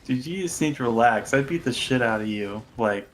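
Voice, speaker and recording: Guy rambling on a gaming stream, normal pitch, lots of restarts and laughs. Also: expressive, a little fast, crowd noise. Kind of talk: casual gaming chat.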